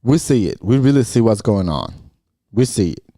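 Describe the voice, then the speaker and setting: A man recapping a TV episode in casual, animated commentary, acting out the characters as he retells scenes. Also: fairly low pitch, moderate pace, creaky. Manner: animated, mimics characters in quotes. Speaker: show recap host.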